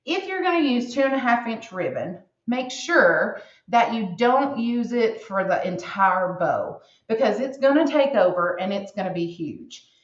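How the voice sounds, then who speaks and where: A woman's voice: a little high, very animated, measured pace. A middle-aged woman talking through a craft demonstration in a chatty, rambling, folksy way, checking in with her viewers as she works. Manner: chatty, rambling, folksy, says "hon" and "right?". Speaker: craft instructor. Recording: echoey room, slightly dull sound.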